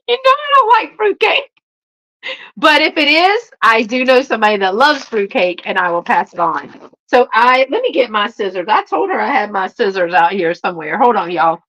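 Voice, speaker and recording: With a Southern US accent, this woman hosts a casual YouTube live stream from home, calling out viewers by name amid many fillers. Slightly flushed from a walk, she speaks a little fast in an animated, medium-pitched, fairly bright voice.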